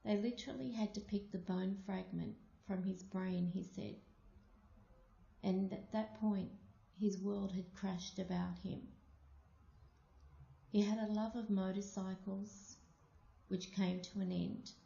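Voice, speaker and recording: Slow, gravelly-voiced woman telling a story. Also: mid-range voice, fairly even intonation, warm tone. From Australia. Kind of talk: personal story told aloud. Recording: muffled, echoey room.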